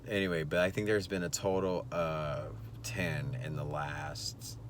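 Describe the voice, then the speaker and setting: A man's voice: a bass voice, level tone, unhurried, slight background noise. A man with a Californian accent vlogging casually from a car, rambling emotionally with lots of fillers. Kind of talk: casual vlog commentary. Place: in a car at evening.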